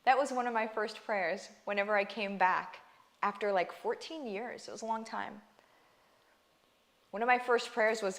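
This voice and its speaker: A woman's voice: mid-range voice, fairly even intonation, moderate pace, a bit bright. A woman vlogger giving an earnest, emphatic faith talk straight to her viewers, often asking "right?" and calling them "guys.". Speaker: online business coach and vlogger. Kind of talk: heartfelt faith talk to camera.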